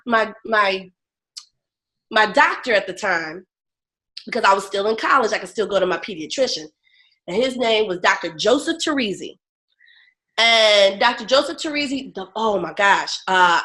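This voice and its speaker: A woman telling a story in an animated, dramatic way, with comic impressions. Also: medium pitch. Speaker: guest. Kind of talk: storytelling interview.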